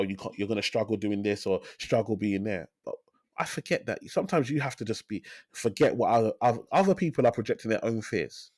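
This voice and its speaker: A man in his thirties, a financial advisor, talking in a casual interview as an energetic storyteller who repeats phrases for emphasis. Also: fairly low pitch, no echo, clean studio sound. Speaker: financial advisor, podcast guest.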